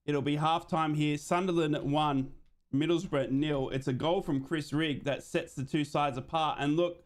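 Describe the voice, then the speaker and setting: A man hosting a live football watchalong, giving running play-by-play and reading out viewer comments. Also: fairly high pitch. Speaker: host of a live match watchalong stream.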